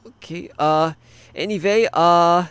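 Halting man as a hobby cartoon host, slightly high, dry close sound. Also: fairly bright tone, clear, resonant tone, no echo. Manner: hesitant, halting with many fillers. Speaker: host, interviewer.

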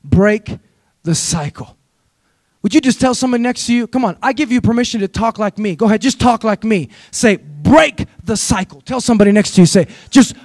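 Male pastor, very high voice, dry close sound, fiery call-and-response preaching. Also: no echo. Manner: exhorting, call-and-response with the congregation; storytelling with rising, shouted peaks. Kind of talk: sermon.

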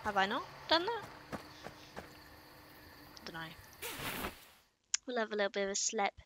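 A woman's voice: mid-range voice, big pitch swings, a little slow, background noise. A young woman streamer giving playful, chatty let's-play commentary, talking to herself and her chat. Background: game music.

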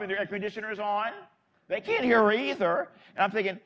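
A man's voice: high-pitched, sing-song, brisk, fairly bright tone. A man from Florida, a Catholic priest, telling a story in a sermon in a chatty, folksy way.

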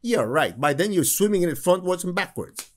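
A man's voice: sits high, a little fast. A man teaching a spiritual class, telling stories with humor and acting out the people he quotes. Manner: animated storyteller who acts out quoted people. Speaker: meditation teacher.

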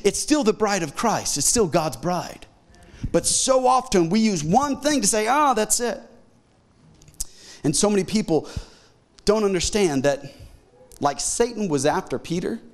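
Animated high-voiced male pastor preaching. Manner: animated, acts out quotes, jokes with congregation. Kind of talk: sermon. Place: church sanctuary.

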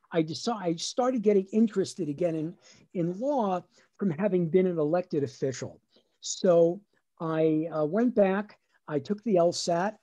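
A middle-aged man with a New Jersey accent, a lawyer and comedian telling funny family stories on a webinar video call. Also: sits high. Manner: animated, acts out family voices. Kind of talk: storytelling stand-up on a webinar.

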